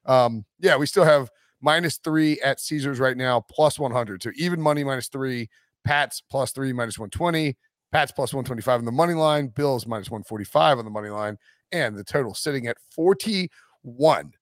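A man's voice: medium pitch, normal speed, no echo, studio quality. A man hosting a sports podcast, chatting casually, joking and laughing often. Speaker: podcast host.

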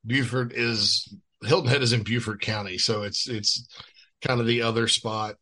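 A man co-hosting a sports podcast, talking in a folksy, quick way full of restarts. His tone is bright and forward, at a middling pitch. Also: fairly even intonation. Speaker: co-host. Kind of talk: casual sports podcast chat.

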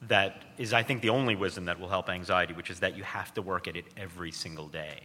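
Man, guest author, joking and self-deprecating, very bright sharp tone, long reverb behind him. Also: deep voice, steady tone, fast. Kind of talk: interview conversation. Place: stage before an audience.

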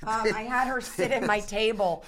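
A woman in her thirties, a guest actor telling stories in a casual podcast chat, animated and full of restarts. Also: fairly high pitch, normal speed. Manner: animated storyteller, many restarts and fillers.

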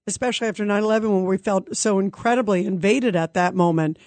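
A woman's voice: a little high, fast, hardly any pauses, darkish tone, dry recording. A woman hosting a political call-in radio show, talking emphatically with a conversational flow and frequent fillers. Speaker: radio talk show host.

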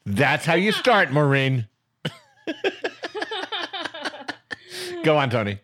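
A man's voice: medium pitch, very animated, unhurried, a bit bright. A man co-hosting a comedy podcast, bantering in a joking, mock-indignant way and laughing often. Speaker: podcast co-host.

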